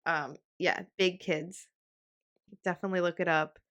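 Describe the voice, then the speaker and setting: A woman's voice: fairly low pitch, steady tone, normal speed, a bit bright. A young woman in her twenties hosting a casual solo podcast, rambling with lots of fillers and laughs, getting emotional. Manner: emotional, on the verge of tears. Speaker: podcast host.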